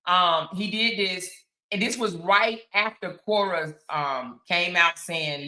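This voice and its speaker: A woman's voice: lowish voice, slow pace, bright, forceful tone, echoey room. Chatty woman in her fifties. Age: 50s. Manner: chatty, talks straight to viewers, reads out chat comments. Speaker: commentary live-stream host. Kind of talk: casual live-stream commentary. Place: on the outskirts of Houston, Texas.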